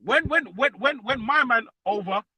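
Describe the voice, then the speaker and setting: This is a man on a fan call-in line, launching into a loud, profane trash-talking rant. His voice sits very high and sounds sharp and bright. His pitch jumps about lively as he keeps throwing in "you get what I'm saying". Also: normal speed, a little hiss or hum, low-quality recording. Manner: loud, profane trash talk with constant tags. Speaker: caller.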